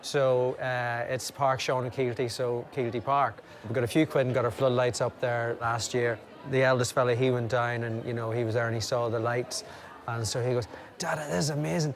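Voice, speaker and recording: A man telling animated anecdotes in casual chat, slipping into impressions and laughter. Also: medium pitch, moderate pace. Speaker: guest.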